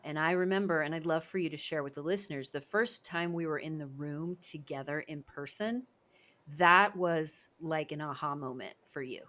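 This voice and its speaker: A woman's voice: sits low, normal speed, bright, forceful tone. A woman hosting a podcast interview as a speaking coach, talking in an effusive, praising way. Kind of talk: interview conversation.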